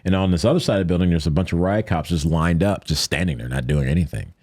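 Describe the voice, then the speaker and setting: A deep-voiced man from the United States, speaking as a guest on a podcast. He tells his story in an animated way and keeps slipping into the voices of the people he is quoting. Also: quick pace, gravelly, no room sound. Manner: animated retelling that acts out quoted voices.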